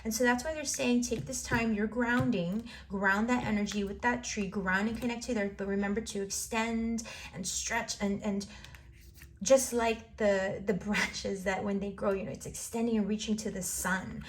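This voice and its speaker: A woman's voice: mid-range voice, fairly even intonation, normal speed, slight background noise. A woman giving a tarot reading to the viewer, encouraging and rambling, often repeating phrases. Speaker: tarot reader.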